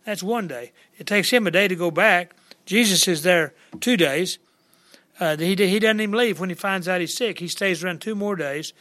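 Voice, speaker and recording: High, bright-voiced folksy preacher. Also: male voice, moderate pace. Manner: plainspoken, conversational, paraphrases scripture in everyday words. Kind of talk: folksy verse-by-verse sermon. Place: church service with congregation.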